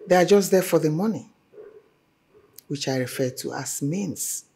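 A woman's voice: sits low, expressive, measured pace, gravelly, warm tone, breathy edge, exaggerated voice. An actress with a Nigerian English accent playing a stern, wealthy mother who lectures her daughter about men.

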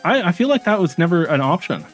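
A man's voice: high voice, sing-song, fast, faint music behind. A man casually commenting on his strategy game stream, chatting with viewers and reacting as he goes, with frequent fillers and restarts.

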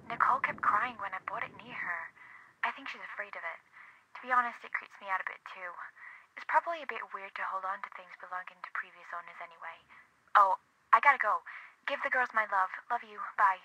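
An actress playing a working mother leaving a hushed, hurried, apologetic phone message home in a game. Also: medium pitch, slightly rough, low-quality recording. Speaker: game character.

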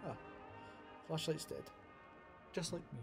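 A man's voice: on the high side, fairly even intonation, a little slow, over loud music. A man commentating his horror game playthrough, jumpy and self-mocking, talking to himself as he plays. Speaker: gaming let's-play creator. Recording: loud game noise and sirens behind the voice. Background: loud game sound with sirens.

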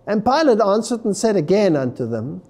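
A man's voice: sits high, big pitch swings, normal speed, mellow. A man giving an emphatic Bible prophecy lecture, explaining history and reading scripture aloud. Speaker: religious lecturer.

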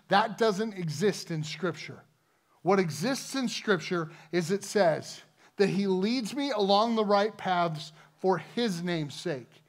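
A man with a Midwestern American accent preaching a sermon, slowing down and lingering over the words when he reads scripture. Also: high voice. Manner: earnest preaching, slows down to read scripture. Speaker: pastor. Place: church sanctuary.

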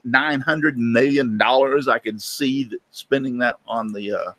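A man's voice: medium pitch, a little slow, a bit bright, dry recording. A middle-aged man, hosting a casual chat and telling folksy stories. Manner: folksy storyteller, acts out voices in anecdotes. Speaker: host.

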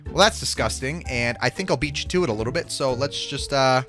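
A young man giving jokey, excitable commentary over his own video game play, reacting fast to what happens on screen. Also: mid-range voice. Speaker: gaming YouTuber. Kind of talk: Minecraft gameplay commentary. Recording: faint music behind the voice.

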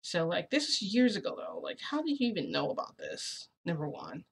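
A young woman casually telling a story as a vlogger, chatty and excitable, often saying "freaking". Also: on the low side, a little fast, gravelly, slight background noise.

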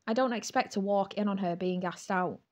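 A woman's voice: mid-range voice, brisk, darkish tone, natural voice. A woman voicing a controlling male boss who speaks curtly and formally, in a storybook reading. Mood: stern.

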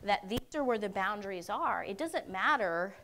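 A woman's voice: medium pitch, expressive, normal speed, a bit bright. A woman speaking at a conference Q&A, explaining her views earnestly and often checking in with her listeners. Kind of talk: Q&A teaching talk. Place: university conference room.

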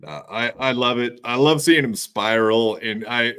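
A man's voice: medium pitch, a little slow, bright, forceful tone, smooth. A man co-hosting a podcast in casual chat, mocking and trash-talking a rival.

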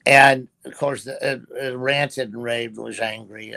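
A man's voice: medium pitch, fairly even intonation, unhurried, vocal fry, hardly any pauses, a bit bright. A man, a pastor, telling a story as an interview guest, earnest, quoting his own words with restarts. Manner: earnest, retelling with direct quotes and restarts.

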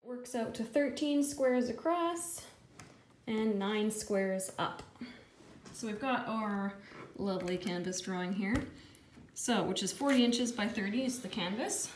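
A woman's voice: medium pitch, unhurried, slight background noise. Chatty woman painter in an echoey room. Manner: chatty, jokey, thinks aloud through the math. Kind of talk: casual how-to narration. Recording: echoey room with faint ambience.

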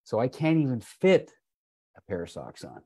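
On a video call, a wellness presenter with a mid-range, slightly rough and somewhat mellow voice swoops wildly in pitch at normal speed. His folksy sales story is full of "folks" and acted-out quotes from the people involved.

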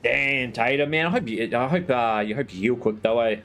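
A man's voice: mid-range voice, brisk, fairly bright tone, soft background music. A man with a New Zealand accent streaming a game late at night, chatting casually, teasing his viewers and swearing freely. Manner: laid-back, swears freely, teases his chat.

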